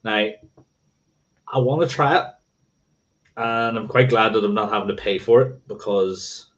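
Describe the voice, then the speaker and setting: A man's voice: lowish voice, measured pace, highs cut off. A man hosting a casual livestream, rambling and correcting himself and swearing offhandedly. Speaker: motorcycling livestream host.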